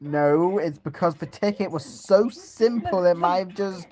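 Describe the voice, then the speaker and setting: Woman, low slow voice, sarcastic casual chat, giggly reactions. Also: dark tone. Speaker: co-host roasting a cartoon.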